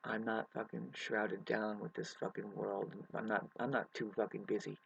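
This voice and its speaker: Husky, emotional, swearing outdoor vlogger. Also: mid-range voice, flat delivery, normal speed, muffled recording. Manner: emotional, profane, restless. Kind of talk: rambling ranting monologue to camera. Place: outdoors in the mountains by a creek.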